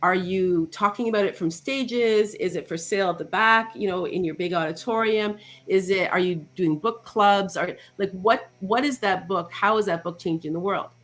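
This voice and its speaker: Woman, life coach, chatty, animated storyteller, acts out quotes. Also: medium pitch, moderate pace, hardly any pauses. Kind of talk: casual interview chat.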